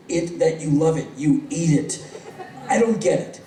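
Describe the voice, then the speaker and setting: A man performing live stand-up storytelling, animated and sardonic, acting out other people's voices. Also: a little high, moderate pace, a little hiss or hum. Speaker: spoken-word performer. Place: large hall on stage. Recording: roomy live hall, distant mic. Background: audience laughter.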